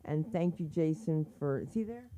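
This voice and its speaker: A comedy teacher gives blunt, practical notes to performers and mixes in stories from their own early days. The voice is dark and mellow, and the talk stays loose and frank. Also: mid-range voice, animated, moderate pace, slight background noise. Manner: frank, advising, anecdotal. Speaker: comedy teacher giving feedback. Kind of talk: casual coaching chat.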